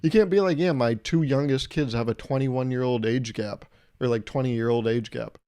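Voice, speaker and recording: Man, podcast host, comedic storytelling, animated, swears a lot, mid-pitched voice. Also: normal speed, smooth. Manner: animated, profane, acts out both sides of conversations.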